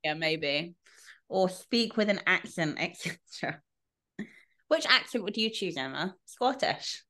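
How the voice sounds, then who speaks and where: A woman chatting on a podcast with a slightly low voice. She laughs often and swears freely, keeping the talk loose and unguarded. Her delivery is easygoing and conversational. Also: animated, a little slow, sharp tone. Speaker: podcast co-host. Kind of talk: casual podcast chat.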